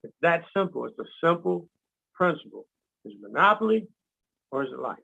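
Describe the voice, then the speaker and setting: A man with a high, gravelly voice talks in a loose, teaching way. He acts out little quotes and laughs at his own jokes, on a dull, lo-fi recording. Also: big pitch swings, a little fast, a bit bright. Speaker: guest speaker. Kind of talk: casual teaching talk. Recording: dull lo-fi sound.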